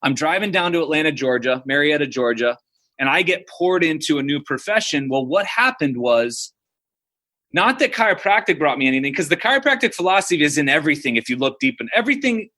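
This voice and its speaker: High-voiced storytelling man. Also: big pitch swings, a little fast, sharp tone. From United States. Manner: casual, storytelling, uses "dude" and "like" often. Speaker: guest. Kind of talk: podcast interview.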